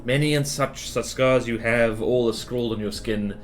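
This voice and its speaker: A man reading the lines of a cryptic, mournful old female hag aloud in a slow drawl. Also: medium pitch, fairly even intonation, slight background noise, close to an everyday voice.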